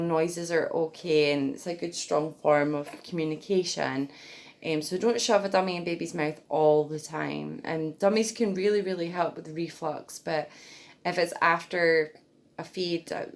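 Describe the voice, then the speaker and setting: Low, gravelly-voiced mum. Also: female voice. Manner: chatty, gentle, breaks into sing-song baby talk. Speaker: parenting vlogger. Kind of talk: casual advice vlog.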